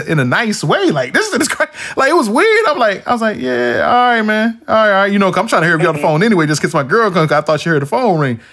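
A grown man hosting a casual chat, telling stories with slang and swearing and acting out the quoted voices. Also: high-pitched. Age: adult, past his younger days. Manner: animated storyteller, acts out quotes in shifting voices; swears freely, slangy street talk. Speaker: podcast host.

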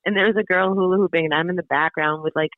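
A woman's voice: fairly low pitch, steady tone, fast talker, no room sound. Bubbly woman on a tinny call line. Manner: bubbly and enthusiastic, chatty with many fillers. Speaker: guest. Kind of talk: casual interview.

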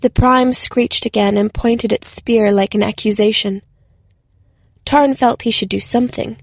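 A woman narrating a science fiction story in a steady, measured audiobook style. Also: fairly high pitch, creaky, dry recording.

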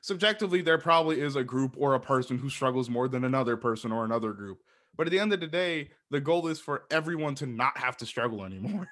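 A man in casual conversation, passionate and rambling, cursing freely. His voice sits at an ordinary middle pitch. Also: lively intonation, quick pace, a bit bright. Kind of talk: casual chat.

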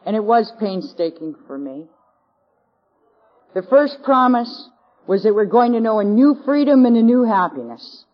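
A woman's voice: on the high side, lively intonation, a little slow. Canadian woman sharing her story at a convention, dry humor, muffled old tape sound. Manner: wry, self-mocking storytelling. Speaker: speaker at a recovery convention. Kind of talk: personal testimony to an audience. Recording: dull lo-fi 1980s convention tape.

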